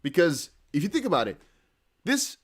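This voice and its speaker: A man hosting a casual live crypto news stream, excitably thinking aloud as he reads viewer chat and posts. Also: fairly high pitch, moderate pace, breathy edge. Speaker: crypto news livestream host.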